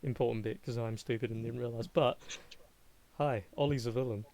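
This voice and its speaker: Relaxed man running the game. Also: mid-range voice, fairly quick. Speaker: game master. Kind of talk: casual tabletop play over voice chat.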